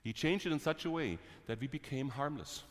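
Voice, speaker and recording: Preacher in a reverberant hall. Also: male voice, mid-range voice, fairly quick. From Germany. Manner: lively, chuckling, swings between bright and hushed. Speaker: missionary preacher. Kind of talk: sermon with personal storytelling.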